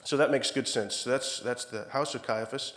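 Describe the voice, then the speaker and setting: A man's voice: mid-range voice, steady tone, moderate pace, a bit bright. A man with an Irish accent preaching a sermon in a church, reading scripture and acting out the quoted dialogue in a conversational, self-correcting way.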